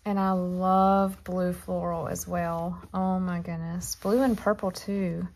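A woman's voice: on the low side, flat delivery, slow, darkish tone, a little hiss or hum. Gushing woman crafter. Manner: gushing, chatty, addresses viewers as y'all. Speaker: crafting vlogger. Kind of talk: casual show-and-tell chat.

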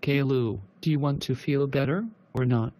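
A synthetic male text-to-speech voice playing a fussy, gullible mother in a cartoon, with a flat, even delivery. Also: mid-range voice, normal speed, lightly acted. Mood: concerned.

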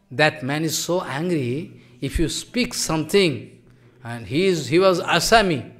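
A man's voice: on the high side, lively intonation, a little slow, a bit bright. A man giving a devotional sermon, telling stories with emotion and repetition in broken English. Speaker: preacher.

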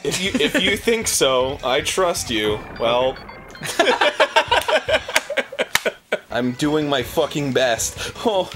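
Man, let's play co-host, swears a lot, shouty, lively pitch, music underneath. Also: slow pace, pauses often. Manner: profane, excitable, bursts into shouting and laughter. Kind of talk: comedic let's play commentary. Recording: background music under the talk.

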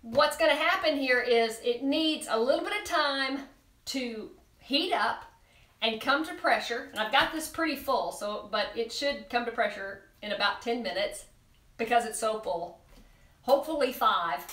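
A woman's voice: on the high side, expressive, moderate pace, a bit bright, roomy sound. A woman hosting a live cooking demonstration, chatty and bubbly as she talks straight to her viewers in a kitchen. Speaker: cooking show host.

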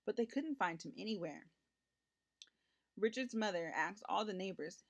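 A woman's voice: medium pitch, normal speed, long pauses. Woman reading a children's storybook aloud. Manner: gentle expressive storytelling, lifts her voice for characters' lines. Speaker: storybook reader. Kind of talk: children's read-aloud narration.

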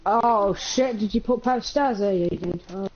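A woman's voice: medium pitch, moderate pace, a little mellow, slightly rough. A young Englishwoman from England chatting during a game, teasing and cheeky with plenty of swearing. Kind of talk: casual gaming chat. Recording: slightly dull lo-fi stream audio.

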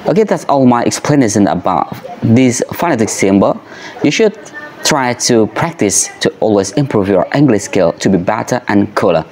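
A man giving an English pronunciation lesson, talking slowly and carefully and drawing out the vowel sounds for practice. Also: medium pitch, very animated. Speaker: pronunciation teacher.

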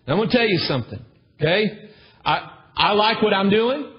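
A husky-voiced man preaches to his congregation, repeating his points for emphasis and asking for amens. His voice sits a little high for a man. The recording sounds dull and lo-fi. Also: animated, normal speed. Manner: emphatic, repetitive, calls for amens. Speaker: pastor. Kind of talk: sermon. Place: church with a congregation.

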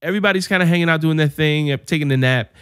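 A man co-hosting a podcast, telling animated, jokey stories in casual chat with some swearing. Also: on the high side, rapid-fire, clear, resonant tone, no echo, studio quality. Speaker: podcast co-host.

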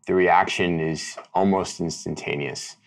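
A man's voice: low voice, fairly even intonation. A man narrating a tabletop role-playing game as game master, wry and descriptive. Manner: descriptive, wry, unhurried storytelling.

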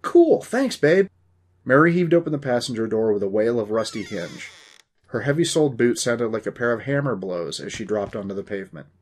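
A man's voice: on the low side, expressive, a little fast. A man in his forties hosting a story podcast, reading the narration in a dry, wry manner.

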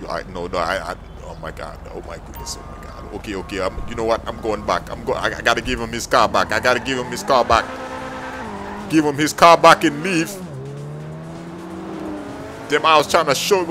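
A man hosting a game role-play video, talking in frantic, slangy banter. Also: mid-range voice. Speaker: gaming video host.

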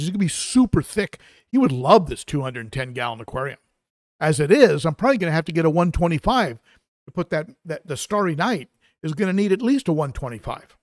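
A man's voice: fairly high pitch, no echo, clean studio sound. A man hosting a live stream, chatting casually and reading out viewer comments, with lots of fillers and restarts. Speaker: aquarium channel host.

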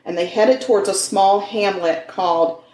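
A woman's voice: medium pitch, normal speed, darkish tone, distant mic. A woman co-hosting a podcast, telling a true-crime case in a chatty, folksy way and stumbling over foreign names. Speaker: podcast co-host. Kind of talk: casual true-crime storytelling. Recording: echoey room.

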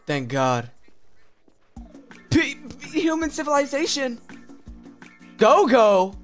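A young man streaming a horror game, talking in casual slang and switching from low mutters to sudden yelps. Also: takes it slowly, faint music behind. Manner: animated, slangy, jumps from mumbles to yelps. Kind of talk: live horror game commentary.

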